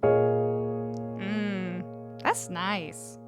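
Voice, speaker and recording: A woman singer-songwriter chatting casually with her live viewers, bubbly and effusive and quick to laugh, on a close studio mic. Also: mid-range voice, fairly even intonation, over loud music. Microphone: close studio microphone.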